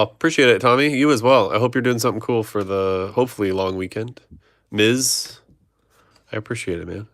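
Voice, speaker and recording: A man's voice: on the low side, fairly bright tone, no echo, clean studio sound. A man hosting a trading card break, reading off player names and chatting with viewers. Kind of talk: live card-opening stream chat.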